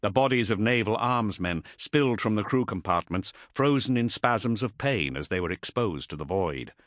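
A man narrating an audiobook in an expressive, dramatic storytelling manner. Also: fairly low pitch, moderate pace, no echo, studio quality.

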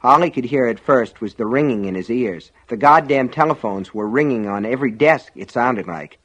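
A man reading an audiobook in a measured, dramatic storytelling manner. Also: mid-range voice, a bit bright. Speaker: audiobook narrator. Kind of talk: scripted audiobook narration.

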